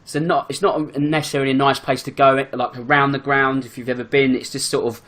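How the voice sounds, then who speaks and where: A man with a mid-level pitch talks football as a guest on a casual podcast. His delivery is fast and conversational, loaded with fillers, and he often stops and restarts his sentences.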